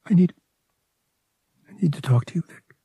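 A man voicing a shaken young woman who is close to tears, speaking in a high, trembling voice. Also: normal speed, warm tone, breathy edge, no room sound. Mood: weary. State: crying.

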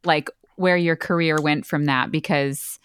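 A woman's voice: sits low, steady tone, a little slow, clear, resonant tone, dry recording. A woman hosting, asking curious, probing interview questions. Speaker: host.

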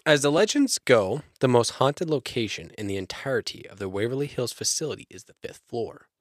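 A man's voice: medium pitch, lively intonation, a little fast, a little hiss or hum. A young man co-hosting a podcast, reading his research notes steadily between jokes. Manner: reads notes steadily, breaks into joking voices. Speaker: podcast co-host. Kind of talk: reading research with comedic banter.

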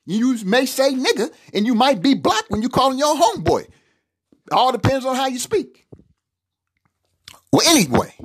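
A middle-aged man hosts a solo podcast in a very high, slightly rough voice. He speaks emphatically, almost preachy, repeating words for stress.

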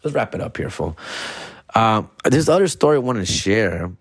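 A man's voice: fairly low pitch, big pitch swings, moderate pace, husky, no echo, studio quality. A man telling stories in a casual monologue, full of swearing and street slang. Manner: profane slangy banter. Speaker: storyteller host.

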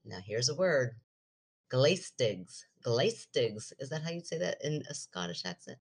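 A woman with a notably low, deep voice co-hosts a casual podcast chat. She teases playfully and reads passages aloud from a book with relish. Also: very animated, a little fast, husky. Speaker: podcast co-host.

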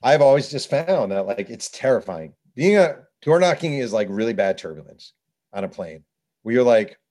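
A man, an author and journalist, telling lively anecdotes as a guest in a conversation. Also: medium pitch, normal speed. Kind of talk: conversational storytelling.

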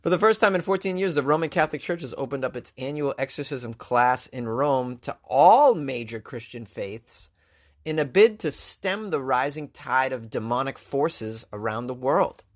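A man's voice: mid-range voice, animated, normal speed. A man hosting a comedic news commentary, reading headlines and riffing on them sarcastically. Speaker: host.

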